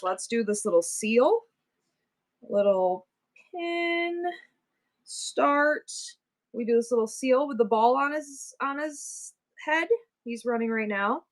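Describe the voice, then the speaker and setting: A chatty middle-aged woman with a New York accent runs a live selling stream, joking around and thanking viewers as she goes. Her voice sits at an ordinary middle pitch for a woman. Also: a bit bright. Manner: chatty, playful, talks straight to viewers. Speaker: livestream seller.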